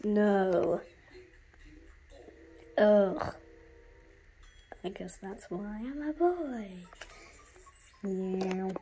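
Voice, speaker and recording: A woman's voice: mid-range voice, extremely slow, long pauses, mellow. A woman streaming a game, chatting in a silly, contrary, sing-song teasing way. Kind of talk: playful game commentary.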